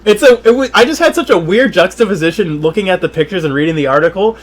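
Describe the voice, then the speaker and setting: A man's voice: sits high, lively intonation, fast. A man co-hosting a comedy podcast, rambling and restarting in casual chat. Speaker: podcast co-host.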